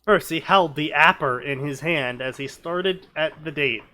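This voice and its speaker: Young man, slightly high voice, sarcastic fanfiction reading, mocking commentary. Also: a little slow, bright, forceful tone. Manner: sarcastic, mocking, breaks into laughter. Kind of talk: comedic dramatic reading with commentary.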